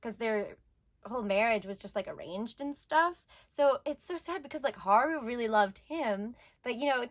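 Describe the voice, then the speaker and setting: A woman's voice: on the high side, lively intonation, normal speed. A young woman reviewing a manga in casual chat, rambling with lots of filler words and getting emotional.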